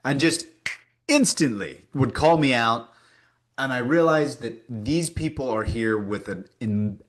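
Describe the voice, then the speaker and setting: A man speaking as an interview guest. His pitch swings widely as he tells the story with emphasis and acts out quoted dialogue. He talks at a middling pitch. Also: fairly bright tone. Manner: frequent fillers and restarts, emphatic. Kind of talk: casual conversational interview.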